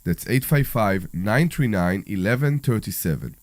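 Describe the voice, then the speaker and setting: A man co-hosting a live call-in radio show with a sick, hoarse voice, who chuckles as he talks and repeats the call-in number. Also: fairly low pitch, lively intonation, normal speed, hardly any pauses, no echo, studio quality. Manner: laughs between words, repeats the call-in number over and over. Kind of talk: casual radio chat.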